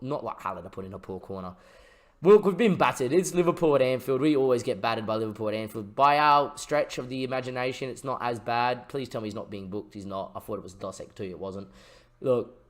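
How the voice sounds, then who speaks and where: Young male gaming streamer: casual play-by-play, moody mutters and sudden loud excitement. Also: a little fast. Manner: swings from low muttering to excited shouting. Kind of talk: let's-play commentary over a football management game.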